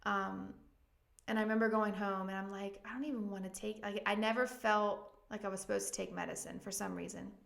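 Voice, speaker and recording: Gravelly-voiced woman sharing an emotional testimony. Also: mid-range voice, flat delivery, fairly quick, a bit bright. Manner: earnest, emotional, frequent ums and likes. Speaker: pastor and guest. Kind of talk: candid personal testimony in a podcast interview. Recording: echoey room.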